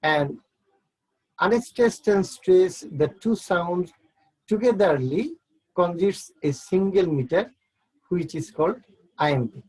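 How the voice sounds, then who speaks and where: Husky man teaching a class. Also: sits high, animated, takes it slowly, long pauses, a little mellow, low-quality recording. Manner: explains step by step, repeats words while counting syllables. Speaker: English literature teacher. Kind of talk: online class lecture.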